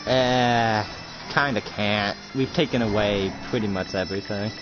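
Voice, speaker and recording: A man's voice: on the low side, a little slow. A man running an improvised roleplay as game master, narrating in a rambling way full of fillers. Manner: rambling, filler-heavy storytelling. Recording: dull lo-fi recording with music. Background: loud background music.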